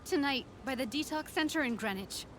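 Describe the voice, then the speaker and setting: An actress playing a worried wife asking a hero for help, in a video game. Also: female voice, high voice, a little fast, slight background noise, lightly acted. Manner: anxious, pleading. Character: worried adult woman caller, anxious wife. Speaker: game character. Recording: game audio under loud music.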